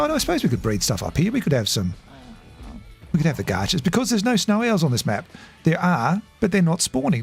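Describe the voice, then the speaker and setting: A man chatting casually while streaming a game, rambling and halting, with frequent chuckles. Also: a little high, creaky, darkish tone. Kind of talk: casual live-stream chat.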